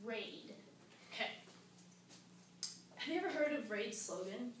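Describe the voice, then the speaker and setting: High-voiced young woman with a sarcastic comic rant. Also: lively intonation, moderate pace, pauses often. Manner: sarcastic, acts out panicked quotes. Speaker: student giving a speech. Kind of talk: comic complaint speech. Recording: echoey room, mic far off, noisy.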